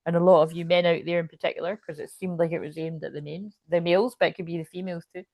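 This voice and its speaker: A woman with a fairly low voice gives a live tarot reading, talking in a loose, rambling flow. She swears freely and keeps checking in with "you know what I mean." The sound is close and dry. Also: steady tone, fast talker, a little mellow, no room sound. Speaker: tarot reader.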